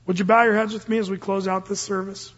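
A man's voice: sits high, little pitch movement, quick pace, fairly bright tone. An older man, a pastor, preaching a sermon in a casual, earnest way that rises suddenly into emphatic bursts. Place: church service. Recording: dull, long-reverb church recording.

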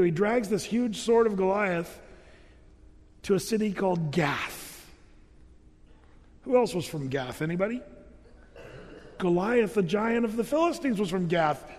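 Man, pastor, sermon, high voice, animated storytelling, long hall reverb. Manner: storytelling, acting out voices with rising pitch. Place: church hall.

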